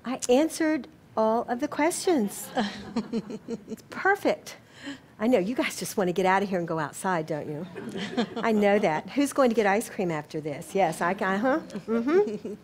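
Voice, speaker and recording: Gentle Southern woman lecturing. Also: mid-range voice, animated, moderate pace. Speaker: speaker. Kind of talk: spiritual lecture. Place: lecture room with audience.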